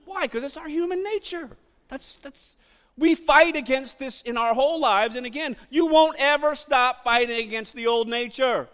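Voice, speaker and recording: A middle-aged man preaching a sermon, animated, acting out quotes and shouting for emphasis. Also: very high voice, normal speed, smooth, in a large hall. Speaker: pastor.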